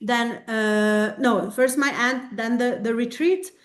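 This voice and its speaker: A woman with a somewhat high voice tells a personal story to her coaching group over a video call. She is from Belgium and speaks in a candid, reflective way. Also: slow.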